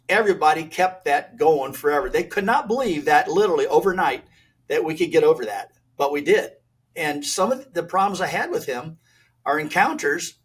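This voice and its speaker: An older man, a retired race driver, telling animated stories as a podcast guest and acting out old exchanges in a blunt, folksy way. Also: on the high side, breathy edge. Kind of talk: animated storytelling.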